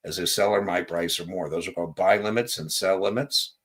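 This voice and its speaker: A man's voice: low-pitched, steady tone, a little fast. A man coaching exam takers on a live stream. He talks casually, often asks "right?", and tells stories from his own life as examples.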